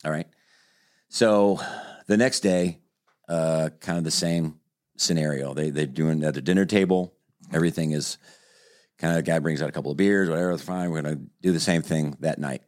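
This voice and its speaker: Speaking at normal speed in a bass voice, this male podcast host shares a story in casual conversation, bringing the quotes to life with energetic acting.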